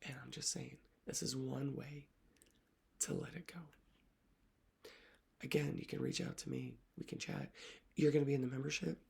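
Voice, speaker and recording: A woman literacy coach talks straight to her viewers in an earnest, emotional way. Her voice carries a strong gravelly fry, and she often lets her words fall away into a breathy near-whisper. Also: extremely low pitch, little pitch movement, moderate pace, long pauses. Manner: soft-spoken, often dropping to a whisper. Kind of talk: reflective talk to camera.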